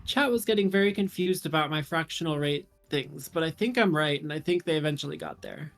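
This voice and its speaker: Male stream commentator, gravelly, slightly high, casual and analytical. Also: brisk, fairly bright tone, soft background music. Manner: analytical, thinks aloud through numbers. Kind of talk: casual puzzle-solution commentary.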